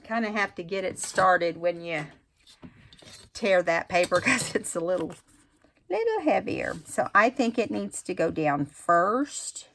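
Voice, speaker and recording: A woman's voice: fairly low pitch, lively intonation, a little slow, fairly bright tone, a little hiss or hum. A woman talking casually through a craft tutorial, thinking aloud as she works. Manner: chatty, thinks aloud while working. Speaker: craft vlogger.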